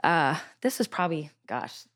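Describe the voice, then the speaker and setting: A middle-aged woman telling a personal faith story in conversation, earnest and animated, with many fillers and restarts. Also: low-pitched, normal speed. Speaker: Christian singer sharing a testimony.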